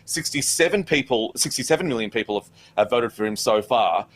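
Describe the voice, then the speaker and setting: A man's voice: medium pitch, animated, fairly quick. A man on a talk show panel, making an earnest argument in casual chat. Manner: earnest, builds an argument with filler restarts.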